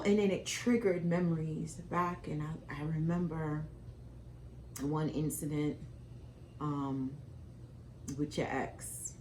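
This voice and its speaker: Her voice is low and slow, broken by frequent pauses, with a little hiss or hum in the audio. A middle-aged mother with a West Indian accent, she co-hosts a candid chat with her daughter, acting out quotes in emotional, animated storytelling.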